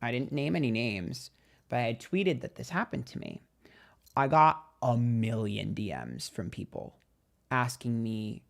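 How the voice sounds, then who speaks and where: A young man talks casually to his livestream viewers. His voice is mid-pitched, and his delivery is chatty and gossipy, with plenty of swearing. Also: creaky. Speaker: tarot reader and livestream host.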